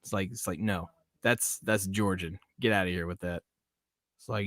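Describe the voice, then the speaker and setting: A man's voice: sits low, steady tone, moderate pace, fairly bright tone, dry recording. A man from the American South hosting a casual live podcast stream, rambling, laughing often and reading chat comments aloud. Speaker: podcast host.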